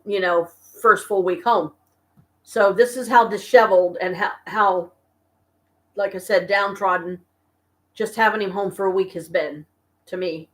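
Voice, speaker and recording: An exhausted, stressed woman venting to her viewers in a casual live-stream chat from her apartment, talking slowly and haltingly. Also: fairly low pitch. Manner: weary, venting, slow and halting. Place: home apartment.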